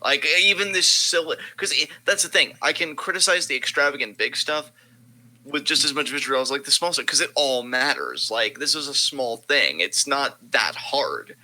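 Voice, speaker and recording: A man co-hosting a casual wrestling commentary podcast, talking in an animated, sarcastic way and swearing freely. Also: mid-range voice, moderate pace, rough recording. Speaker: podcast co-host.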